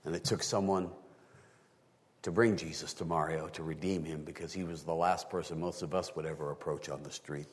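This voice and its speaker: A male pastor delivering a sermon, talking through scripture and often rising into high, emphatic bursts. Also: fairly even intonation, a little fast, long reverb tail.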